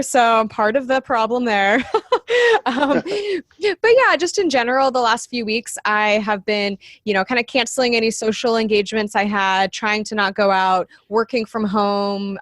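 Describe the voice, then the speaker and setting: A woman on a podcast, talking in an easy, chatty way and laughing often. Her voice sits a bit high, and it sounds dry and close to the mic. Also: fairly bright tone, no echo. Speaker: podcast guest. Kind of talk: casual interview chat.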